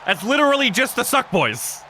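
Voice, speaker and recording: A man with a stuffy nose, commentating a wrestling game on a livestream in an excitable, laughing, swearing way and shouting when the action picks up. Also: extremely high pitch, a little fast, a little hiss or hum.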